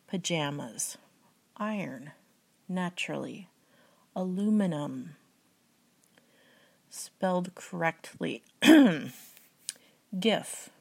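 Soft-spoken Midwestern woman with vocal fry. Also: deep voice. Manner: hushed, often half-whispered, hesitant with many ums. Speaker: video host. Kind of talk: soft-spoken accent tag and book reading.

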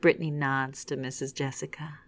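A woman narrating a second-person story in a hushed, unhurried, often whispered reading. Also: extremely low pitch, flat delivery.

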